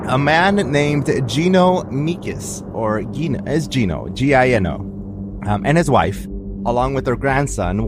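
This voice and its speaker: A man with an accent co-hosting a podcast, telling stories in a casual, animated way and laughing often. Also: fairly low pitch. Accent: non-native English. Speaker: podcast co-host. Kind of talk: casual storytelling chat.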